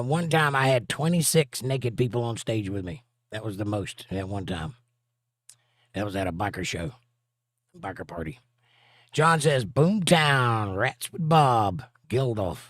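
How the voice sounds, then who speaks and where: A middle-aged musician hosts a livestream in a mid-range, fairly bright voice, speaking a little slowly. Recorded close and dry with no room sound, he chats loosely and jokingly, reading viewer comments aloud between crude asides.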